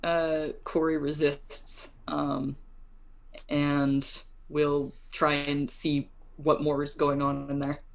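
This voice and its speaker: A woman's voice: low-pitched, monotone, takes it slowly, gravelly. A woman playing a tabletop game, declaring her character's actions with hesitant "um"s. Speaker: player.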